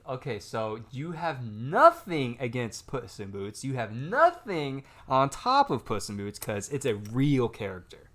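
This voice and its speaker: A man's voice: medium pitch, very animated, a little slow, hardly any pauses, a bit bright. A young man co-hosting a casual podcast, insistent and laid-back, from Florida. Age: young adult. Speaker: podcast co-host. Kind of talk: casual chat.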